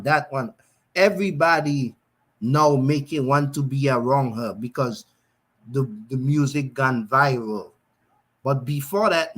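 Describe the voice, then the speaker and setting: A man talking loosely in a live stream, rambling and often asking "you know what I'm saying?". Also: on the high side. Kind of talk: casual live stream chat.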